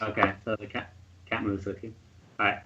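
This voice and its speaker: A man narrating as game master of an online tabletop game, explaining calmly. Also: fairly low pitch, brisk, muffled recording.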